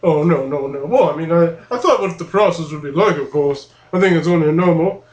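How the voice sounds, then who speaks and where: A man's voice: a little high, brisk, darkish tone. A man joking around on a comedic podcast, goofy and provocative as he keeps derailing the topic. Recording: roomy echoey room.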